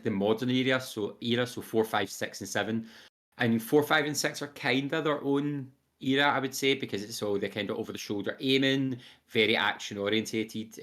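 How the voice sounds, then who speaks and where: A man's voice: fairly low pitch, steady tone, normal speed, a bit bright. A young man co-hosting a podcast, chatting casually and enthusiastically with lots of fillers. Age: young adult. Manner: enthusiastic, rambling with fillers, quotes voices animatedly. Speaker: podcast co-host. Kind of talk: casual chat.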